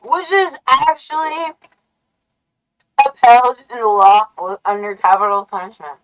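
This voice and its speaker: Brief: unhurried woman streamer, a bit high-voiced, brash and mocking. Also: steady tone, low-quality recording. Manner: brash, taunting, profane. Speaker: live streamer. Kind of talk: rambling livestream rant.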